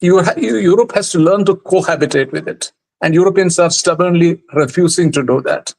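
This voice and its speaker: A man speaking as a guest commentator in a panel discussion, thoughtful and measured, with frequent restarts. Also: high-pitched, gravelly, rough recording.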